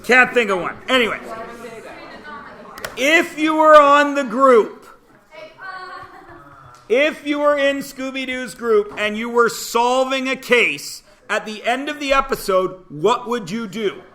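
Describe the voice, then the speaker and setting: A man's voice: very high voice, lively intonation, slow pace, pushed and bright. A man teaching math to a class, playful and sarcastic, quizzing his students as he goes. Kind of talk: classroom lecture.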